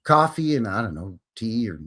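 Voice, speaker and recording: A man's voice: fairly low pitch, big pitch swings, moderate pace, fairly bright tone. A Canadian man hosting a live stream in a folksy, jokey, casual way. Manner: folksy, jokey, greets viewers by name. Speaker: host.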